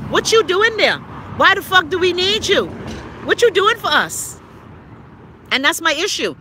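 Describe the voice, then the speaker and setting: A woman's voice: on the high side, pushed and bright, slight background noise. A woman from the Bahamas with a Bahamian accent, giving blunt, profane political commentary live to her viewers and answering their comments by name. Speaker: live-stream host. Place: outdoors near trees and traffic.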